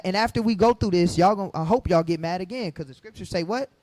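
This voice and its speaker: A man teaching from the Bible to a group, fiery and preachy, firing questions at the room and rising to shouts. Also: high voice, quick pace, hardly any pauses, no echo.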